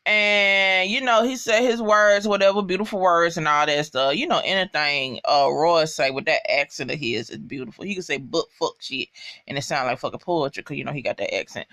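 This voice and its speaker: Bright, blunt, cussing recap voice. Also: medium pitch, a little fast, hardly any pauses. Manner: profane, emphatic, talks straight to viewers. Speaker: TV episode recapper. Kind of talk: casual spoken recap.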